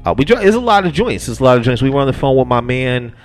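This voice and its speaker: A man hosting a radio show in casual banter, relaxed and repetitive, sending shout-outs over a studio mic. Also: medium pitch, fast talker, faint music behind. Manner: laid-back, repeats phrases, sends shout-outs.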